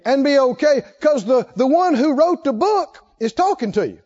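A man preaching a sermon, telling a personal story that swings between hushed asides and emphatic points. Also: very high-pitched, expressive, moderate pace, some chatter behind. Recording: dull lo-fi sound.

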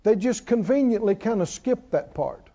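A man's voice: high-pitched, lively intonation, moderate pace, dark tone. A man preaching a sermon who keeps putting questions to his congregation, in a dull lo-fi church recording. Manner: call-and-response preaching, asks the congregation questions.

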